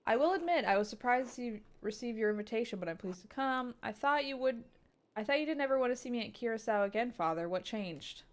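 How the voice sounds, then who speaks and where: A woman's voice: on the high side, animated, fast, lightly acted. A woman voicing a proud, defiant young male artist with curt, sarcastic retorts. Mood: resentful.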